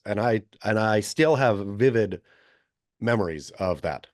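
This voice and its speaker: Low-voiced man ranting casually on a podcast. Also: expressive, a little slow, no room sound, clean studio sound. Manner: rambling, self-correcting, opinionated. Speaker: podcast co-host. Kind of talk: casual chat.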